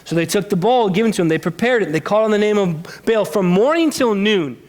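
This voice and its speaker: A man preaching a sermon as pastor, telling a Bible story in a lively, animated way and acting out the characters' lines. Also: sits high, brisk. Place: church sanctuary.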